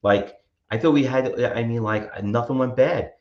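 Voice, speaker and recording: A man co-hosting a trading show, telling rambling, animated stories in casual chat. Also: medium pitch, measured pace. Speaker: co-host. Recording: roomy, dull-sounding mic.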